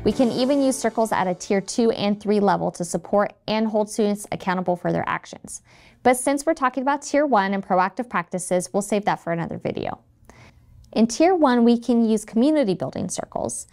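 A woman in her thirties gives friendly, scripted narration for educators, at a middling pitch for a woman. Her delivery is clear and even, and soft music plays underneath. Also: brisk. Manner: friendly, acts out quoted phrases. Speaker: trainer for educators.

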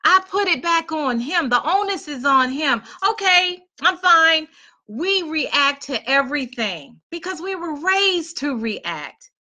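A middle-aged woman with a high, bright voice tells her own story. She speaks to her listeners in an animated, preaching way. She moves into other voices as the story calls for them. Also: slow. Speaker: motivational speaker. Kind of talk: storytelling talk.

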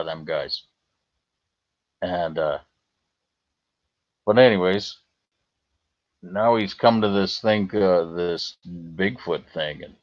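A Canadian man chatting on a livestream, rambling, swearing freely and answering his chat. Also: low voice. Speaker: livestream host. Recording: slightly dull lo-fi stream audio.

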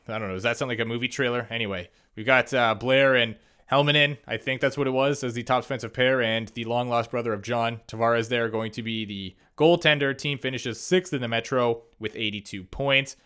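A young man with a bright, forward voice talks through a hockey game simulation in a casual commentary style. He is excitable and quick to react, often breaking into little laughs and surprised exclamations as he reads the numbers. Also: medium pitch, smooth. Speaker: gaming YouTuber.

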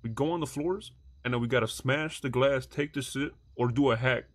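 A young man streaming a heist roleplay, rambling and swearing as he thinks the plan out loud. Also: medium pitch, normal speed, no room sound. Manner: rambling, profane, thinks aloud while planning. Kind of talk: casual gaming chat.

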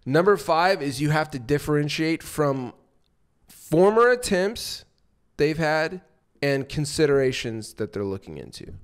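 A man's voice: on the high side, very animated, unhurried, smooth. A man co-hosting a podcast, explaining sales techniques in loose casual talk full of fillers and restarts, often acting out short examples. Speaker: podcast co-host and sales coach.

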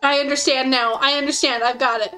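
A woman streaming a game, chatting casually and excitedly, giggling often and cooing softly at her in-game horse. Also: high-pitched, fast, soft background music, low-quality recording. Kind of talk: casual gameplay commentary.

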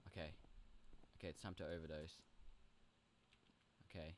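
A young man with a low voice chats casually through a game session. He is playful and rambling, and often jumps into high, goofy squeaks. The delivery stays loose and conversational. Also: lively intonation, fast. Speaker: gaming video host. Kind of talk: casual role-play commentary.

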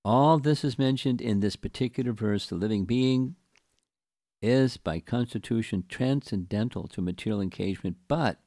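An older man giving a scripture class, reading a long commentary slowly and deliberately and explaining it to his listeners. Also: medium pitch, mellow, no echo, clean studio sound. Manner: slow, deliberate reading with chanted verse recitation.

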